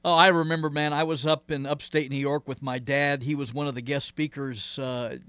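A pastor, appearing as an interview guest, tells stories and explains his faith in a reflective, earnest way, using lots of "uh"s and "you know"s. His voice is a little high, steady and a bit bright, at normal speed, recorded clean with no echo.

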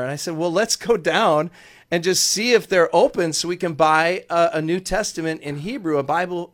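An animated man telling a story as a radio guest. His voice is fairly high for a man, and he acts out each quote. His speech is loose and casual, full of "like.". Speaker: guest, ministry leader.

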